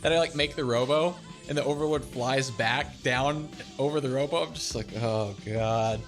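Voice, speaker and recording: Animated young man streamer reviewing his game. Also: on the high side, normal speed, soft background music. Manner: animated, self-deprecating, laughs often. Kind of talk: casual game commentary.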